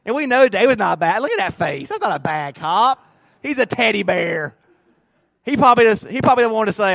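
A middle-aged pastor with a high, bright-edged voice delivers a sermon. He drops to low, confiding murmurs, then rises into loud, fervent preaching. The sound is close and dry, with no room echo. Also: big pitch swings, fairly quick, creaky.

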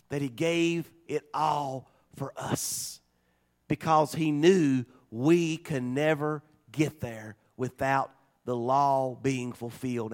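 A man preaching a sermon as pastor, swinging between loud declarations and quiet, conversational asides. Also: mid-range voice.

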